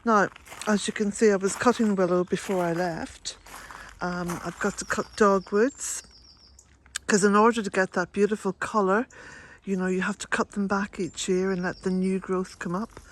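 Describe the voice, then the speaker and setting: An older woman, chatting to camera in a gentle, rambling way and chuckling often. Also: mid-range voice, steady tone, moderate pace, slight background noise. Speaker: vlogger. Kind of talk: casual chat to camera.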